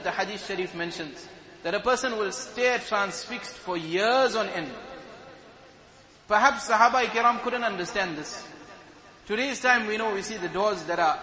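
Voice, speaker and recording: A man's voice: high voice, sharp tone. A man preaching a sermon to a congregation, telling the story vividly. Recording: echoey hall with crowd behind.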